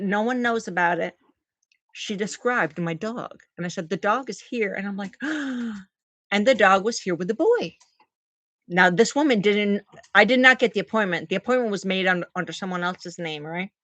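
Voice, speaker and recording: Middle-aged woman vlogging, animated and emotional, dry close sound. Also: medium pitch, normal speed, no room sound. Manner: emotional, animated, talks to her dogs mid-story. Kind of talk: personal storytelling to camera.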